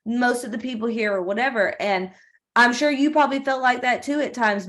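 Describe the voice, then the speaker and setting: On a company video call, a woman hosting the meeting warmly praises the previous speaker. Her voice is a little high, and she comes across as effusive and encouraging.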